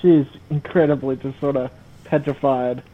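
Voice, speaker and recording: A man's voice: medium pitch, fairly even intonation, normal speed. A man taking part as a player in a tabletop role-playing game, describing his moves in a hesitant, rambling way. His voice comes through dull and lo-fi.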